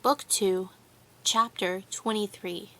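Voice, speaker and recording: A woman narrating a classic novel, her voice sitting in a middle range. She reads slowly and deliberately, and gives each phrase room. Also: mid-range voice, steady tone. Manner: measured, deliberate reading. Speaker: audiobook narrator. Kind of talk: scripted narration.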